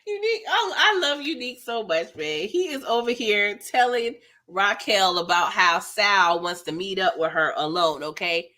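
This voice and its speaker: A young woman hosting a live TV episode recap, animated and slangy, laughing often as she reacts. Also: mid-range voice, measured pace, hardly any pauses. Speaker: TV recap host.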